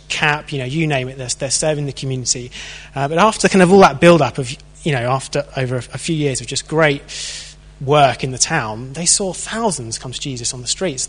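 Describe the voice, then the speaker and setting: A man's voice: mid-range voice, fairly bright tone, breathy edge. A man giving a chatty, self-deprecating sermon talk full of personal stories, in a church hall. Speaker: church speaker. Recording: long hall reverb.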